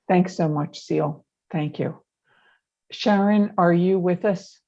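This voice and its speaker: A woman's voice: fairly low pitch, takes it slowly, warm tone, dull audio. A woman moderating a video call, thanking one speaker and briefly calling on the next. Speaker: meeting moderator.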